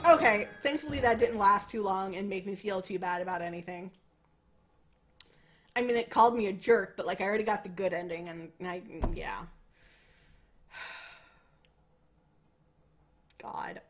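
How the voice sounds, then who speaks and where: A woman's voice: mid-range voice, unhurried, pauses often. A young woman playing through a visual novel, reading its narration aloud and breaking off into rambling, swear-filled commentary. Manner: animated, swears freely, rambles. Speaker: let's play host.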